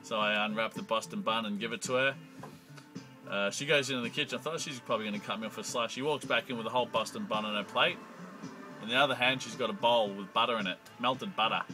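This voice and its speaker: A man's voice: medium pitch, fast, music in the background, poor audio. A young Australian man telling a crude, profanity-laced comic story in a rambling monologue. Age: young adult.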